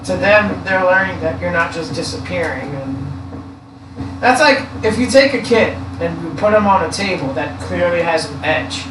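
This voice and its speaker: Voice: mid-range voice, normal speed. Rambling explainer in an echoey room. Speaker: co-host. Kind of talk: casual chat. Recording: echoey room, far from mic, noisy.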